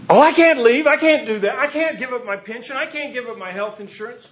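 A man's voice: very high-pitched, brisk, muffled recording, pitched above the performer's own voice. A man voicing a fretful middle-aged clergyman who will not give up his pension, pleading in a raised, anxious voice.

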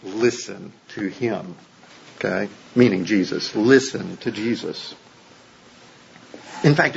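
A man's voice: medium pitch, vocal fry, highs cut off, slight background noise. A man preaching a sermon as a pastor in a casual, joking, conversational way, often checking in with his listeners.

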